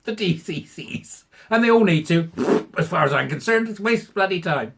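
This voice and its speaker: English male commentator, husky voice, mocking and sarcastic, big swings in pitch. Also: animated, fast, fairly bright tone. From England. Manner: mocking, sarcastic, laughs at own jokes. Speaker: online commentator. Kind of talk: ranting commentary.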